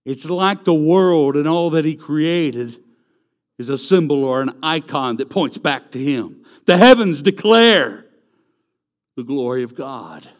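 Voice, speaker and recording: A man's voice: medium pitch, unhurried, a little mellow. A man preaching a sermon, emphatic and repeating key phrases for stress. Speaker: pastor.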